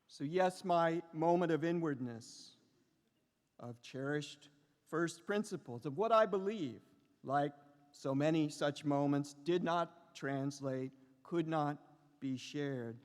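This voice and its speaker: A middle-aged man giving a lecture as a professor, speaking slowly and reflectively with lyrical repetitions and pauses. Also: fairly high pitch. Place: large lecture hall. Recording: long reverb of a large hall.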